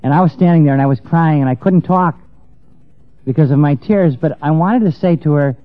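High-voiced man telling an impassioned story. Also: brisk, no echo. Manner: impassioned, stammering, swings from hushed to raised. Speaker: speaker telling a personal story. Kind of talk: emotional personal storytelling to an audience. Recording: tinny lo-fi dry recording with faint music.

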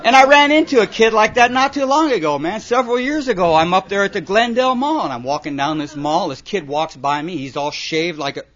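A man's voice: high voice, fairly bright tone. A man telling funny stories from his life to a recovery meeting, rambling and dropping "you know" and "man" constantly. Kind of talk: comic storytelling talk to an audience. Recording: muffled recording with audience laughter. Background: audience laughing.

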